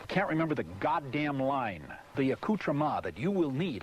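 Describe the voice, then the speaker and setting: A man's voice: a little high, sing-song, moderate pace, few pauses, slight background noise. A short-tempered man reading lines for a promotional film, cursing and flustered each time he forgets a line. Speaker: spokesman filming a promotional video. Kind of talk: outtakes from a scripted promotional shoot. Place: in and around a vehicle on a hot set.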